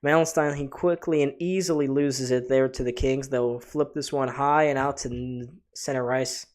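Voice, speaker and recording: Guy doing casual live play-by-play for his stream chat, chatty and loose, mid pitch. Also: steady tone, moderate pace. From Buffalo area, USA. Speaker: livestream host. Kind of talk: live play-by-play reaction commentary.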